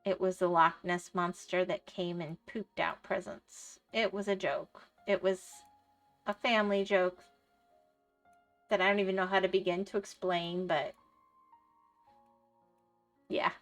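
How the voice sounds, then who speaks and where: A woman's voice: fairly low pitch, level tone, measured pace, pauses often, faint music behind. A middle-aged woman livestreaming, chatting casually and rambling through stories, laughing often and answering her chat. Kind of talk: casual chat while gaming.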